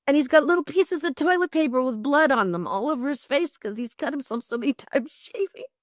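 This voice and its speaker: An older woman telling lively, expressive stories as an interview guest, often laughing. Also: high-pitched, fairly quick, no room sound, studio quality. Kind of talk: animated storytelling.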